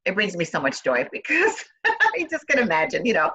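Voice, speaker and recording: Woman, co-host, casual chat, animated pitch, husky, dull call audio. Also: normal speed. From Puerto Rico heritage.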